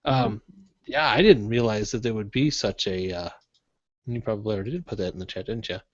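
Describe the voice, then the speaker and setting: A man's voice: on the low side, a little fast, no room sound. Joking man co-hosting a tech podcast. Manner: easygoing, joking, muddles through reading aloud. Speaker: podcast co-host. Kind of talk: casual podcast chat, reading listener email. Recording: dull lo-fi dry podcast audio.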